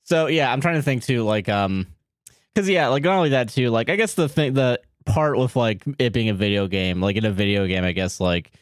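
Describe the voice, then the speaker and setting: In a casual podcast chat, a male co-host rambles with plenty of fillers and swearing. His mid-range voice is fairly quick, and the sound is clean studio audio with no room sound.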